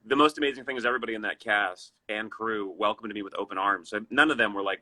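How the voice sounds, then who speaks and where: A man's voice: lowish voice, fast talker, hardly any pauses, bright, forceful tone, no room sound, rough recording. A man being interviewed over a video call, telling anecdotes in an easygoing way. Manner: easygoing, apologetic, tells anecdotes. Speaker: actor, guest. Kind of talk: interview storytelling.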